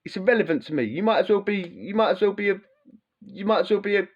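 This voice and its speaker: A man's voice: high voice, quick pace. Bloke ranting on his podcast, blunt and sweary, swings up and down a lot, kinda muffled lo-fi audio. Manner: animated, swearing, blunt and mocking. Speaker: podcast host, former prisoner. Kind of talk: casual ranting monologue. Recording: dull lo-fi sound.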